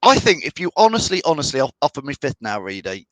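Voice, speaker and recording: A man's voice: fairly high pitch, big pitch swings, fast, no room sound, low-quality recording. A middle-aged man from the of England hosting a fan live stream, chatting and reading out viewer comments. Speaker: fan channel host.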